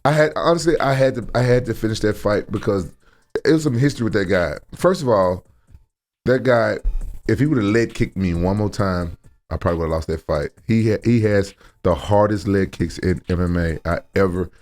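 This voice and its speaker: A man telling a story in a casual chat, animated and profane, often repeating himself. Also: lowish voice, moderate pace. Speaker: podcast guest.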